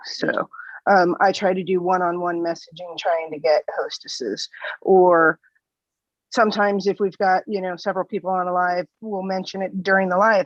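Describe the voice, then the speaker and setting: A woman's voice: lowish voice, fairly even intonation, moderate pace, no echo, lo-fi sound. A woman on a team call sharing practical tips in a friendly, filler-heavy way. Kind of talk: casual coaching chat.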